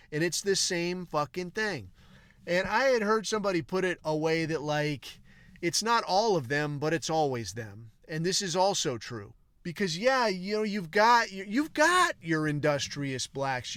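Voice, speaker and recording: Crude, ranting man with a bright voice. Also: a little high, clean tone, no echo. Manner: crude, swearing, emphatic, jumps between topics. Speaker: podcast host. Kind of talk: profane monologue rant.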